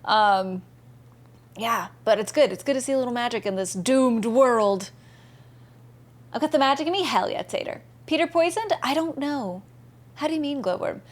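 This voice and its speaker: Lady streamer, kinda high voice, reading chat and gushing back at everyone. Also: animated, normal speed. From American Southeast. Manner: chatty, bubbly, reads chat messages aloud and answers viewers. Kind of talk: casual live-stream chat while gaming.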